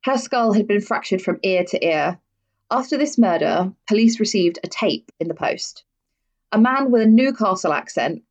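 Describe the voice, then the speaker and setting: A woman's voice: mid-range voice, darkish tone. A woman hosting a podcast, telling true-crime stories in a casual, blunt way and swearing freely. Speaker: podcast host. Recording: dull lo-fi audio.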